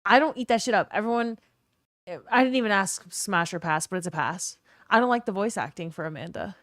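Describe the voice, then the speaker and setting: A woman's voice: medium pitch, brisk, no echo, clean studio sound. Blunt, profane woman streamer. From Southern US. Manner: blunt, profane, animated chatter. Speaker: game streamer. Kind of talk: casual livestream commentary.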